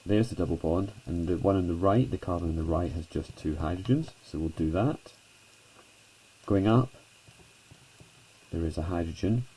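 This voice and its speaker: A man's voice: deep voice, warm tone, breathy edge, poor audio. A man teaching a chemistry lesson at a whiteboard, chatty and self-deprecating, talking students through each step.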